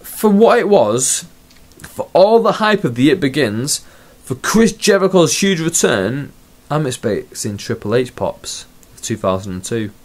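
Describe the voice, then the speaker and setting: A man's voice: medium pitch, very animated, unhurried. A man giving a casual, ranting wrestling review in a video blog, swearing freely. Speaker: wrestling vlogger.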